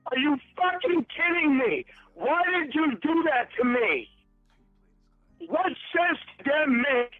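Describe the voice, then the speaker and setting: A man's voice: extremely high pitch, animated, takes it slowly, no room sound, faint music behind. An angry man on a phone call, accusing and swearing heavily, heard over a tinny phone line.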